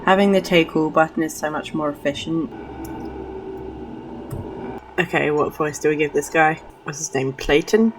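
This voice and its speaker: A woman's voice: sits low, fairly even intonation, moderate pace, long pauses, noisy background. A woman streaming a game, chatting casually, giggling often and poking fun at herself. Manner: giggly, chatty, self-deprecating. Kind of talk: casual let's-play commentary. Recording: voice somewhat far from the mic.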